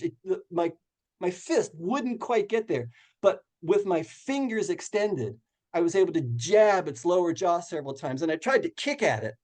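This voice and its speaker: A man's voice: high-pitched, a little mellow. Earnest man telling a personal story. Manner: earnest, vivid retelling. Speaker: guest speaker. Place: retirement community hall.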